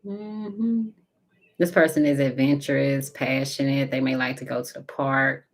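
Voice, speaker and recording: A woman giving a casual spiritual tarot reading, talking intimately to viewers and calling them baby and honey, sometimes dropping to a soft whisper. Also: rumbling low, fairly even intonation, a little slow. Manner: intimate and chatty, calls listeners baby and honey. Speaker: tarot card reader.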